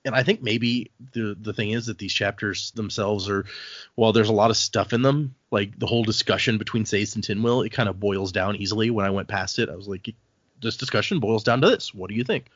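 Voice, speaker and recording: A man's voice: on the low side, steady tone, a little fast, fairly bright tone, no room sound. A man hosting a podcast, rambling through anecdotes with many restarts. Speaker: podcast host and editor. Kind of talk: casual chat. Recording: dry, dull lo-fi sound.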